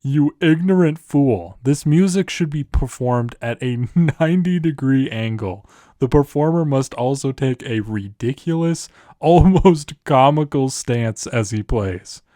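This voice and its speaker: A man's voice: mid-range voice, measured pace, dark tone, no echo, clean studio sound, pitched above the performer's own voice, lightly acted. A man voicing a haughty, irritable classical composer who scoffs at others. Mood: scornful. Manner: irritable and scornful.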